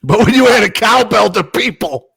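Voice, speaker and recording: A man's voice: high-pitched, expressive, moderate pace, vocal fry, fairly bright tone, husky, dry recording. A man co-hosting a casual sports podcast, ranting animatedly and swearing freely. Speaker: podcast co-host. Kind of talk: casual chat.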